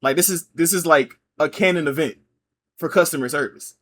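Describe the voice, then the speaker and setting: A man reacting to clips and telling his own work stories in a relaxed, slangy, laughing way. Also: fairly high pitch, a little fast, slight background noise. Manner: laid-back, slangy, laughing storyteller. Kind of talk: casual reaction commentary.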